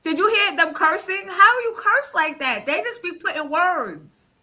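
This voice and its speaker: A woman hosting a casual chat show, telling stories in an animated and profane way. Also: very high-pitched, a little slow, a crowd in the background. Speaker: show host.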